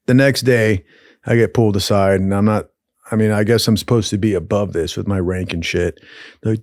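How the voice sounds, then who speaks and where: A man's voice: fairly low pitch, steady tone, brisk, darkish tone, dry recording, studio quality. A man telling a rambling, profane story in casual talk, laughing often along the way. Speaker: storyteller host.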